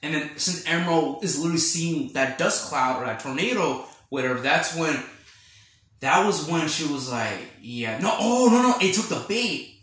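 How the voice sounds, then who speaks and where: Male podcast host, fairly high and bright, chatty and rambling, echoey room sound. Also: normal speed. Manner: rambling, animated retelling with quoted reactions. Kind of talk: casual film review chat.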